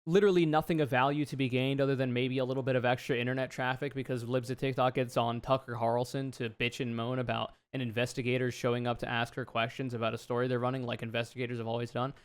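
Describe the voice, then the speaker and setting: A man's voice: mid-range voice, flat delivery, quick pace, hardly any pauses, smooth. A man giving a political commentary video in a sarcastic, profane, exasperated way.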